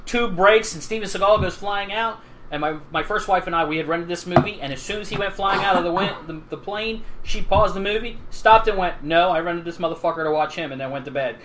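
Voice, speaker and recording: A man's voice: high voice, fairly quick, background noise. A middle-aged man co-hosting a podcast in casual chat, blunt and swearing freely as he tells stories. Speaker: podcast co-host.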